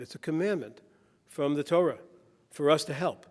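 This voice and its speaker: A man's voice: fairly high pitch, moderate pace. Man giving a keynote in a reverberant hall. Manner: anecdotal, tells jokes with a preacher's cadence. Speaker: keynote speaker. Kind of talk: conference keynote speech. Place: conference hall. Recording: long reverb in a conference hall.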